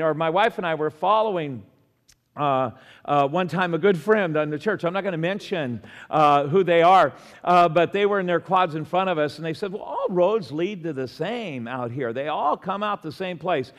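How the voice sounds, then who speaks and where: A middle-aged pastor delivers a sermon in an earnest voice that sits high for a man, calling out to his congregation. His words ring with the long reverb of a large hall.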